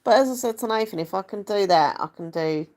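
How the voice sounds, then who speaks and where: A woman's voice: medium pitch, animated, fast, a little mellow. A young woman, chatting casually to camera in a rambling, self-deprecating way. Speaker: vlogger.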